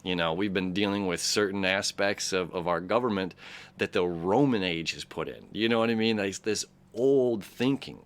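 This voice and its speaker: A man's voice: deep voice, moderate pace, clear, resonant tone. A man hosting an astrology talk, loose and conversational, full of fillers and restarts, often checking in with "right?" and "okay?". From Detroit, Michigan area. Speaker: astrology channel host. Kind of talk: casual rambling commentary.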